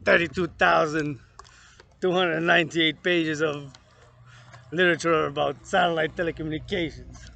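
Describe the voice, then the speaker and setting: A man's voice: on the high side, steady tone, normal speed, gravelly, sharp tone. A man in his thirties, a fitness vlogger, talking in a rambling, profane monologue that jumps from topic to topic.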